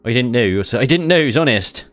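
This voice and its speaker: A man's voice: medium pitch, animated, moderate pace, faint music behind, lightly acted. A man putting on a sheepish Bristolian apologizer. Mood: guilty pleading. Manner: mock-apologetic pleading.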